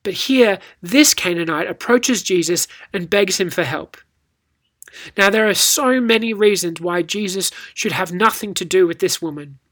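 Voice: mid-range voice, normal speed, fairly bright tone. Teacher telling a story. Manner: storytelling, rhetorical, reads scripture with acted inflection. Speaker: Bible teacher. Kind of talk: scripted Bible devotional talk.

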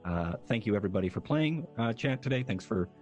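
A man signs off from a streamed game. His voice rises and falls a lot, and he rambles and stalls, searching for words. Soft music plays behind him. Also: fairly low pitch, animated, highs cut off. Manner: halting and rambling, with many fillers. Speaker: streamer, tabletop game player. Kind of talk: casual chat wrapping up a streamed show.

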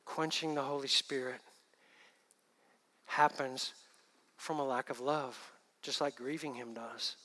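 A male pastor preaching a sermon, moving between hushed, quiet asides and loud, emphatic lines. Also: medium pitch, steady tone, slow pace, long pauses, big-room sound.

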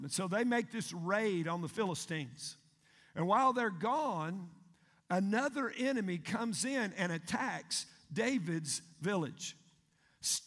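Man, pastor, emphatic sermon, rhetorical questions, high-pitched, long hall reverb. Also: a bit bright.

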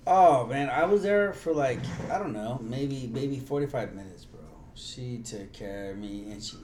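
A middle-aged man co-hosting a casual podcast, telling stories with lots of repetition and excitement. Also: medium pitch, a little slow. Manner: animated storyteller, swears, repeats himself. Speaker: podcast co-host. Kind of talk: casual chat. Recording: echoey room with faint noise.

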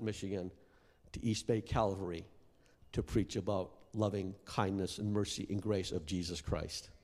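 A middle-aged man from Iraq preaching a sermon testimony, impassioned and building to shouts at its peaks. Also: fairly low pitch. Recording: long hall reverb.

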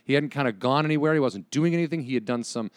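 A man in his forties talks fast in a mid-range voice on a podcast, with no room sound. He tells stories with real energy in casual chat, acting out the lines he quotes.

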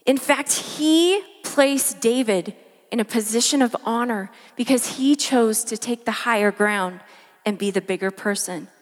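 Woman preacher, slow and emphatic, repeats for effect; reverberant hall sound. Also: a little high. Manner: dramatic pauses and repetition for emphasis. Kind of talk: sermon.

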